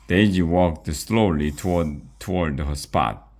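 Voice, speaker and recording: A man reading a children's chapter book aloud, haltingly, stumbling and repeating words. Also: extremely low pitch. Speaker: reader.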